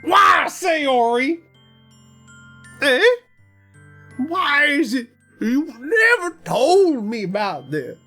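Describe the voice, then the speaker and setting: A woman voicing an earnest young male student, talking in a loud, melodramatic, exclaiming way. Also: high-pitched, very animated, drawn-out words, long pauses, faint music behind, exaggerated voice. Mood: hurt.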